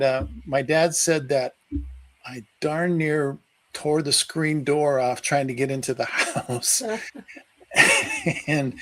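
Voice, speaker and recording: Slow, halting male storyteller. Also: medium pitch, low-quality recording. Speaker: guest researcher. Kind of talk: telling a personal story in a live-stream interview.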